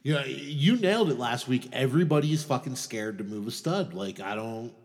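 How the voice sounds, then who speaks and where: A man's voice: medium pitch, lively intonation, moderate pace, big-room sound. A man co-hosting a fantasy football podcast, bantering in casual chat with jokes and mock-earnest apologies. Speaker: podcast co-host.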